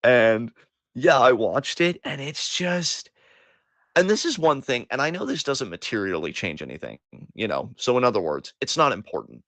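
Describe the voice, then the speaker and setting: This male co-host speaks at medium pitch and normal speed, with a sing-song lilt and a fairly bright tone. His impassioned, swear-filled monologue occasionally slides into self-deprecation, captured in a dry recording.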